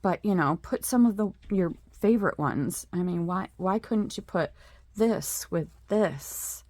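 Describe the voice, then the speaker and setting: A woman's voice: fairly low pitch, lively intonation, a little slow, a little mellow, dry recording. A middle-aged woman in a casual craft show-and-tell, chatting with lots of fillers and admiring asides. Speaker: craft vlogger.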